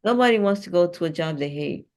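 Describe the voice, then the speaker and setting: A woman's voice: lowish voice, lively intonation, fast, darkish tone. A woman hosting a casual spiritual talk show, upbeat and laughing often. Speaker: host. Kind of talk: casual chat.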